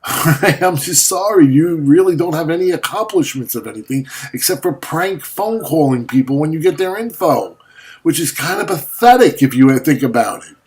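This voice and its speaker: A man's voice: a little high, animated, normal speed, a little mellow. A man ranting at a rival in a video monologue, confrontational and mocking, swearing often, just after waking up. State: just woken up. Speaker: vlogger.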